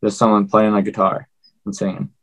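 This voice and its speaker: A man's voice: on the low side, fairly quick, gravelly, poor audio. Laid-back man, lots of fillers. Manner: filler-heavy, relaxed. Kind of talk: casual chat.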